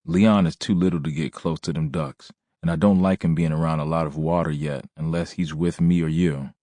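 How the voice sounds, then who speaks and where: A man's voice: extremely low pitch, fairly even intonation, a little fast, warm tone, dry recording. A man reading an audiobook, voicing an eager, affectionate young mother with a sweet, familiar manner. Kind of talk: audiobook character voice.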